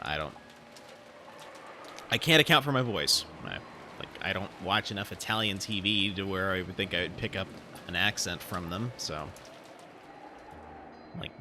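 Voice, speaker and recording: A man's voice: low-pitched, background noise. A man streaming himself reading a visual novel aloud, chatting in a rambling way with lots of fillers. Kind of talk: casual live-stream reading and chat.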